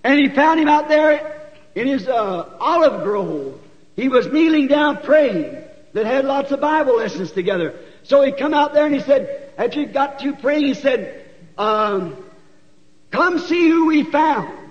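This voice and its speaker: A man tells a sermon story in a very high, ringing voice, unhurried, folksy, and animated, rising to shouts. It sounds like a dull old church tape with long hall reverb.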